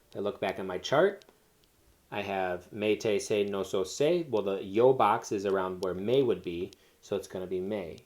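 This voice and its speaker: A man's voice: on the low side, a little mellow. A man teaching a Spanish lesson, explaining step by step with fillers and self-corrections. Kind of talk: recorded classroom lesson.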